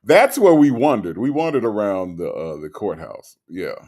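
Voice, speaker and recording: Laid-back low-voiced man greeting his chat. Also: very animated, normal speed. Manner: laid-back, greets viewers one by one, swings between low mumbles and loud outbursts. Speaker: livestream host. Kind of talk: casual livestream chat reading viewer comments.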